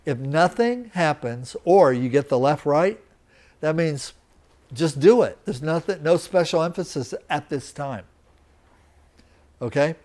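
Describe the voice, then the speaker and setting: A man lectures to a small class at an unhurried pace, his voice sitting a little high for a man. He walks through each step carefully and often stops to ask whether his students understand. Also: expressive, darkish tone. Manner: slow, deliberate, checks in with students. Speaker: teacher. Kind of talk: live lecture. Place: teaching center room.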